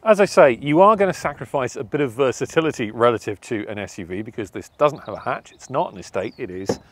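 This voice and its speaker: A young adult man, presenting a car review from inside a car, measured and conversational as he weighs pros and cons. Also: medium pitch, animated, noisy background. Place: inside a car, partly while driving.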